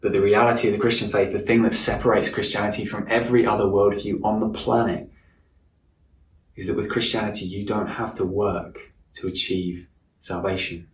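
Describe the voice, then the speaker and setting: A man preaching a sermon in an earnest way, slowing down and softening his voice for emphasis. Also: lowish voice, flat delivery, a little hiss or hum. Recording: echoey room from a distance.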